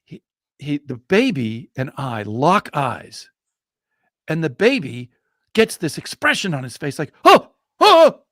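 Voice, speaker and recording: An older man telling a story in a casual podcast chat, animated and acting out the people in it. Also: a little high, unhurried, no echo, clean studio sound. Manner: animated, acts out the people in his stories. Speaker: storyteller and co-host.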